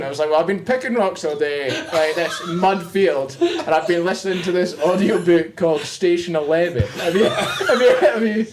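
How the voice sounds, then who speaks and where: High-voiced man laughing through a story. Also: expressive, normal speed, few pauses, background noise. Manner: self-mocking storyteller, frequent laughter. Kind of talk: casual pub chat. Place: busy pub. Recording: pub with chattering crowd behind.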